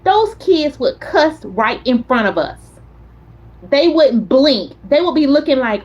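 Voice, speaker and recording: A woman hosting a casual chat stream, telling animated stories and talking straight to her viewers. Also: high-pitched, a little slow, muffled recording. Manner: chatty, animated storyteller, talks straight to viewers. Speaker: content creator host.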